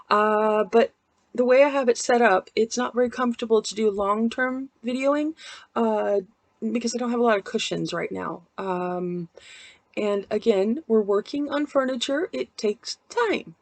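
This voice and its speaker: A woman's voice: fairly high pitch, no echo. Rambling, candid woman in her forties. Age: 40s. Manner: meandering, candid and self-deprecating. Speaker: vlogger. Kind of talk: casual vlog chat. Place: at home. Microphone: laptop mic.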